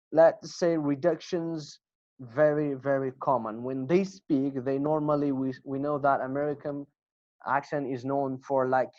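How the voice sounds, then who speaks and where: A man teaching an English class online, slowly repeating example phrases and asking students questions. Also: mid-range voice, dry recording. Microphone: video call. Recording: dull lo-fi video call audio.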